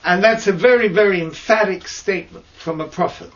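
A man teaching mystical texts in a slow lesson over a video call, hesitant and searching for words with fillers and restarts. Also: fairly bright tone. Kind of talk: slow explanatory lesson with many pauses. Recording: dull low-fi audio with faint noise.

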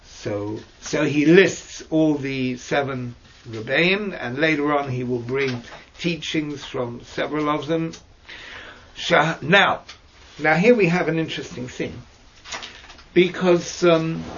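Slow, gravelly man teaching. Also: bright, forceful tone. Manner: hesitant, searching for words with fillers and restarts. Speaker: teacher of mystical texts. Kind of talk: slow explanatory lesson with many pauses. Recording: dull low-fi audio with faint noise.

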